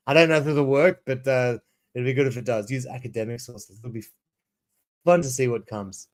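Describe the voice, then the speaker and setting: In a mid-range voice with fairly even intonation and normal speed, a South African man in his thirties, an ESL teacher, chats loosely on his livestream. He rambles, starts sentences over, and reads prompts aloud.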